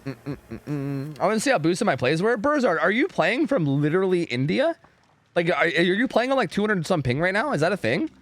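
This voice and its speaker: A young male streamer talks to his chat from a home setup into a desk microphone. His voice sits a bit high and swings widely, and he swears and rants freely. Faint music plays underneath. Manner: profane, animated and ranting, talks to chat. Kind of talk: casual livestream chat.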